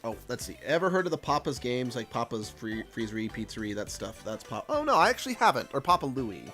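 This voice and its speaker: A man's voice: mid-range voice, big pitch swings, quick pace, sharp tone, soft background music. Rambling sick male streamer. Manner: rambling, joking, self-deprecating. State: sick with a cold. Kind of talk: casual game stream chat.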